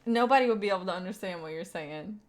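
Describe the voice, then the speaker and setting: A woman's voice: lowish voice, fast talker. Woman, light Southern accent, young adult, casual streamer chat, filler-heavy rambling. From Kentucky. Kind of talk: casual live-stream chat reading viewer messages.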